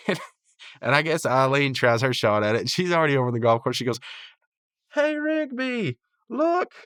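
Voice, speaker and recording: A man's voice: mid-range voice, quick pace, a bit bright, clear, resonant tone, no room sound, studio quality. A man hosting a podcast, casually recapping a cartoon episode in a rambling, laid-back way with frequent chuckles. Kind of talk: casual chat.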